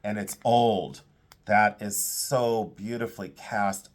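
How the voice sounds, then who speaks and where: A man's voice: on the low side, steady tone, takes it slowly. A man who sells vintage jewelry, giving casual, enthusiastic commentary as he sorts items and thinks aloud.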